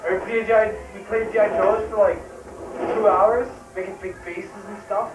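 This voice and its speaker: A man's voice: high-pitched, fairly even intonation, normal speed, background noise. A young adult man telling rambling childhood stories to a friend on camera, restarting lines and laughing often. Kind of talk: casual anecdotes to camera. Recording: echoey room, distant mic, crowd chatter.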